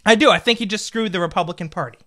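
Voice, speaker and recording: A man's voice: sits high, very fast, bright, forceful tone. A man in his twenties, a political commentator, delivering a fired-up, indignant opinion rant full of rhetorical questions. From United States. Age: 20s.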